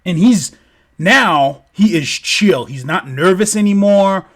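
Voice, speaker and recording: Rambling, slow-talking male storyteller. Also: high voice, expressive. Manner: rambling, swears freely, lots of "like". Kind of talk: casual spoken storytelling.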